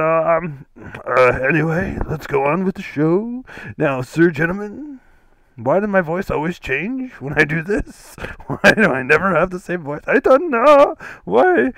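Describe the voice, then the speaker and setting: A man's voice: high voice, a bit bright, no room sound, heavily acted, poor audio. A man in an improvised comedy sketch playing an earnest, rambling guest whose clothes keep disappearing.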